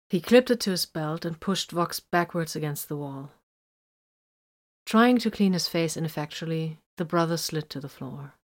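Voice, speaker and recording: A woman narrating a story in an audiobook style, measured and even. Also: lowish voice. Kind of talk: audiobook narration of fan fiction.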